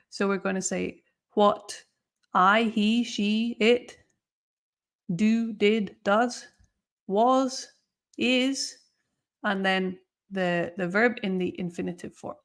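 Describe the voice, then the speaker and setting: Woman, English exam teacher, live online lesson, patient clear explanations, frequent check-ins. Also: mid-range voice, steady tone, slow pace, pauses often.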